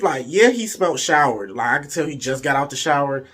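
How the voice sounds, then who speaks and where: A man's voice: a little high, lively intonation, fairly quick, hardly any pauses, fairly bright tone, slightly rough. A young man telling a frank, profane, playful story in a casual way, slipping into the voices of the people in it. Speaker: vlogger.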